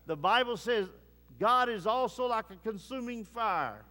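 A man preaching a sermon with fervent delivery, moving between low grave tones and rising urgency. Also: lively intonation, a little slow, pushed and bright, big-room sound.

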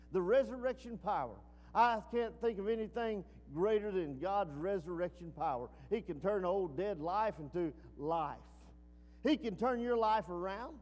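A man preaching a sermon, swinging from emphatic peaks down to low, quiet asides. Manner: rising to emphatic peaks then dropping low. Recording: long reverb.

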